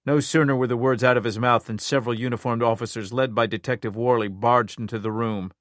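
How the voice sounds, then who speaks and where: A man's voice: fairly low pitch, steady tone, fairly quick, fairly bright tone, no room sound. Man narrating a thriller in a dry voice. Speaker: audiobook narrator. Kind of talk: scripted narration.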